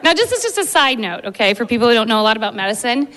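A woman who works as an emergency medicine doctor tells a funny story, animated and laughing through it. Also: a little high, very fast, long reverb tail. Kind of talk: live storytelling.

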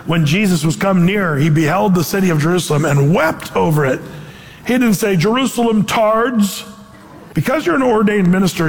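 A man preaching a sermon with an animated delivery that slips into quoted voices. His voice sits high for a man. A long hall reverb trails behind every phrase. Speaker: pastor.

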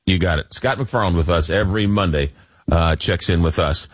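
A man's voice: deep voice, fairly quick, dry recording. A man hosting a late-night radio talk show, joking and stumbling over repeated words and fillers.

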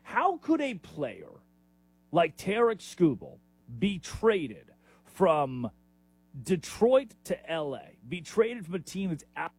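On his sports talk radio show, a man delivers an opinionated monologue in a high-pitched, slightly rough voice. He speaks slowly but stays animated and emphatic, with sudden rises in his delivery.

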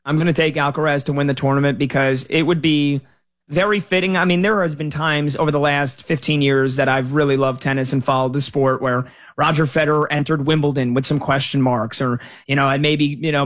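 A man's voice: on the high side, brisk. Man giving casual tennis betting picks. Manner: conversational, with frequent filler words and restarts. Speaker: sports betting analyst. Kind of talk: casual sports talk.

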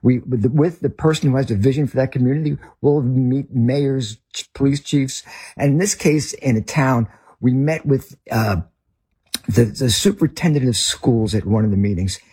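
Husky Northern US man, guest storyteller, loose rambling delivery. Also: mid-range voice, normal speed, a little mellow. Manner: rambling with restarts. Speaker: ministry leader guest. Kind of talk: conversational storytelling.

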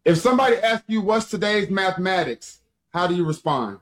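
Excitable dude cohosting a chat show, high voice, rapping bits here and there. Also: male voice, fairly quick. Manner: excitable, breaks into rap lyrics. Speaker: co-host. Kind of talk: casual podcast chat.

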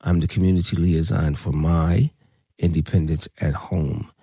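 A man's voice: low voice, fairly even intonation, normal speed, warm tone, breathy edge, no room sound, studio quality. A man hosting a radio talk show, speaking in a preachy, emphatic way and repeating his points.

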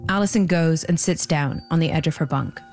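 A woman hosting and narrating a documentary podcast from a script, with a measured delivery. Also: deep voice, a little mellow, faint music behind.

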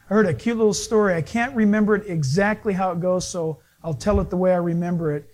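Male preacher with a high voice, sermon storyteller who slips into other people's voices. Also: a little fast, few pauses, darkish tone. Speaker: pastor.

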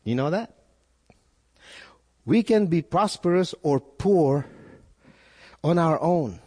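A man preaching a sermon in a lively, swooping voice that sits a little high for a man. He jumps up sharply in pitch and stumbles over repeated words as he presses his point. His voice rings out with a long reverb, like a large hall. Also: slow pace, breathy edge. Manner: animated preaching with sudden rises and repeated words. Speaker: pastor.

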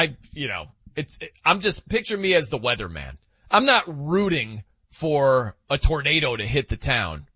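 A man's voice: mid-range voice, sharp tone, breathy edge, no room sound, dull audio. A man hosting a sports talk show, chatty and joking with many fillers.

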